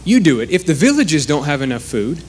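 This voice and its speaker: A man's voice: fairly high pitch, big pitch swings, fairly quick, darkish tone, slight background noise. A man preaching a sermon in a conversational way, acting out the quoted speakers.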